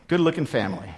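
A man in his fifties preaching a sermon, telling his own story in an earnest, repetitive way that swings from loud emphasis to quiet. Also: medium pitch. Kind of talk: sermon with personal testimony.

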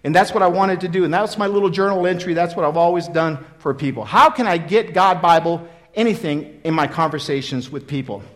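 A man in his fifties preaching a sermon, telling his own story in an earnest, repetitive way that swings from loud emphasis to quiet. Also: a little high, brisk. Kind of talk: sermon with personal testimony.

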